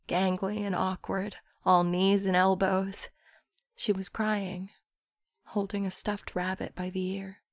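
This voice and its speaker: A woman reading a literary story aloud, in a soft, often near-whispered narration. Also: mid-range voice, no room sound, studio quality.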